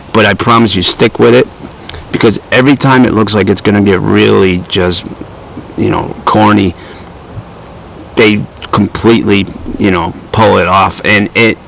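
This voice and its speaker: A man giving a casual movie review, animated and storytelling, who swears freely and acts out the lines he quotes. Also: lowish voice, gravelly, slight background noise, poor audio.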